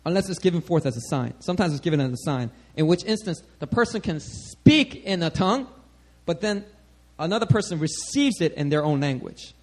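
A man preaching a sermon to a congregation, animated and conversational, often checking in with "all right?". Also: fairly high pitch, brisk. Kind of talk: sermon teaching.

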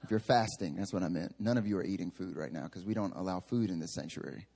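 A man's voice: deep voice, quick pace, creaky, a little mellow, a little hiss or hum. A male pastor giving a sermon in a church sanctuary, telling humorous, self-mocking stories.

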